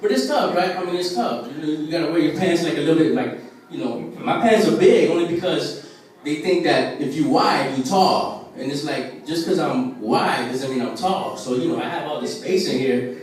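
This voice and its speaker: A man's voice: fairly high pitch, animated, normal speed. A man doing a stand-up set at an open mic, telling a rambling story loosely with lots of fillers and acted-out voices. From Puerto Rican family in the US. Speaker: stand-up comedian. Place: open mic at a restaurant stage. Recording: very echoey room, voice far from camera.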